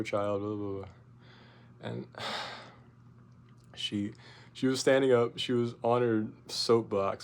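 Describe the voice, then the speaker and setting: A young man telling a rambling, profane story in a casual vlog, full of fillers and restarts, getting loud and animated as he retells his outburst. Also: lowish voice, slight background noise. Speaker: vlogger.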